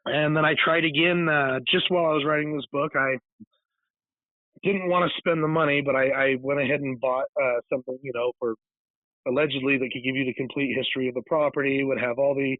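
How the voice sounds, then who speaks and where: A man's voice: mid-range voice, no echo. Man rambling down a tinny phone line. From California. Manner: rambling, digressive storytelling with many restarts. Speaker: guest, author and paranormal investigator. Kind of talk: casual interview storytelling.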